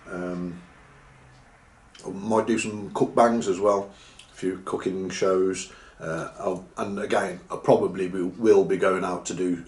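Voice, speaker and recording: A man's voice: lowish voice, a little mellow. A man chatting casually while eating, sometimes talking with his mouth full, for a mukbang video. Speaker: vlogger. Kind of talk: mukbang chat. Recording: echoey room.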